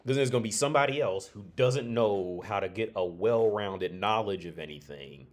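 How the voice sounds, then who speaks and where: A man's voice: fairly low pitch, moderate pace. A man streaming a casual rant, blunt and profane, rambling with frequent restarts.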